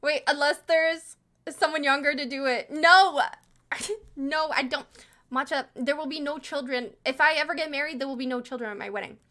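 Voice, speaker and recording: A chatty woman with a Quebec French accent talks to her stream in a high voice. Her tone is bright and forceful. She reads her chat aloud and laughs easily between remarks. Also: moderate pace. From Montreal, Quebec, Canada. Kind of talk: casual live-stream chat reacting to chat.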